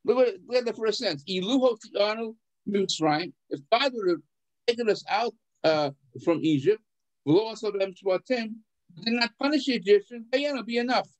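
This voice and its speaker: A rabbi leads an adult education class on the Passover Haggadah, explaining the text, posing questions to the students, chuckling and often repeating words. His voice sits high and moves at a moderate pace. The recording quality is low.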